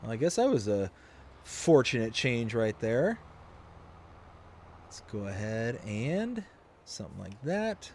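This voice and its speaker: Man, young adult, casual live-stream chat, rambling, relaxed, many fillers, background noise. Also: mid-range voice, slow, pauses often.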